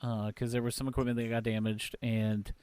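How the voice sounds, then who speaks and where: A man's voice: medium pitch, flat delivery, a little fast, a little mellow, clear, resonant tone, no room sound. A man co-hosting a podcast in casual chat, recounting an incident step by step. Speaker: podcast co-host.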